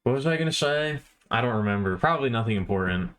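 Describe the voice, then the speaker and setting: A man's voice: mid-range voice, expressive, quick pace, fairly bright tone, clear, resonant tone. A man livestreaming, rambling casually and poking fun at himself while chatting with his viewers.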